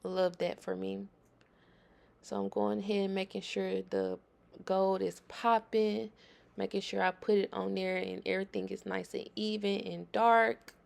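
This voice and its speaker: A woman's voice: medium pitch, gravelly. A woman hosting a nail tutorial, talking viewers through her work in a chatty, emphatic voice-over.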